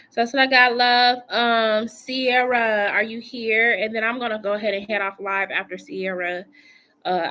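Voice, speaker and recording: Speaking in a sharp, mid-range voice, a tarot reader does a relaxed live reading from her home. She keeps it chatty and colloquial, repeating phrases to stress her points.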